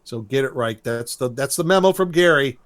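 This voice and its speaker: A man co-hosting a podcast, recapping a cartoon episode in a lively, storytelling way and laughing as he goes. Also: mid-range voice, a little fast. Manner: animated storytelling, briefly imitates characters with laughs. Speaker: podcast co-host.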